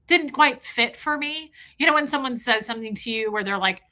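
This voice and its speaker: A woman's voice: on the high side, lively intonation, a little fast, bright, forceful tone. A middle-aged woman hosting a livestream, talking candidly and with emotion while answering her chat. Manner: emotional, candid, talks straight to chat viewers. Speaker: livestream host reading chat.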